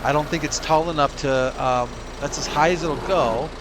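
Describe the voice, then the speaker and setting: A man with a fairly high voice, speaking at a moderate pace, hosts a let's play of a farming game. He casually muses aloud and laughs to himself. Behind him is game engine noise, with tractors and engines rumbling.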